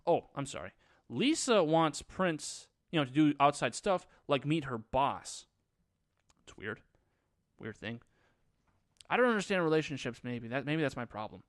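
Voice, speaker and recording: Sarcastic, animated young guy ranting. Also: fairly high pitch, unhurried, long pauses, dry recording, clean studio sound. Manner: sarcastic, crude, rambling. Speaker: movie reviewer. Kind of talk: casual vlog commentary.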